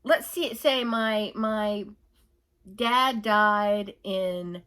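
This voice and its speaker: A woman's voice: medium pitch, extremely slow, sharp tone, smooth. A woman ranting in a casual opinion monologue, rambling and exasperated, mocking others with whiny put-on voices. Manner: rambling, exasperated, laughs while telling stories. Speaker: vlogger.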